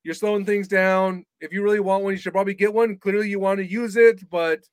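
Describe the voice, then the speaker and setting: A man's voice: sits high, steady tone, a little fast, smooth, dry recording. A man co-hosting a disc golf podcast, talking casually and rambling with lots of fillers. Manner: rambling, filler-heavy, joking. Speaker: podcast co-host. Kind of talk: casual chat.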